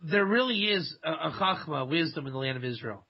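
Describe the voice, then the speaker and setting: A man's voice: on the high side, expressive, a little fast. A man from Ohio, a rabbi speaking as a radio guest, telling stories animatedly with quoted voices. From Dayton, Ohio, USA. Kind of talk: casual radio interview. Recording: dull lo-fi radio sound.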